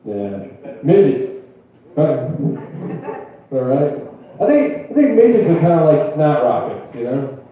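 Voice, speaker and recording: A man delivers awkward one-liners at an open mic and takes his time between them. His speech is slow and unhurried. The sound is thin and phone-like, with heavy echo from far off. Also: a little high, big pitch swings, warm tone. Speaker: stand-up comedian. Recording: echoey, phone-like sound from a distance.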